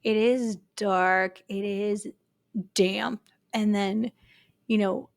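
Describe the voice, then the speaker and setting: A woman's voice: mid-range voice, steady tone, extremely slow, creaky, dry recording. Emphatic woman podcast co-host. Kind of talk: casual chat.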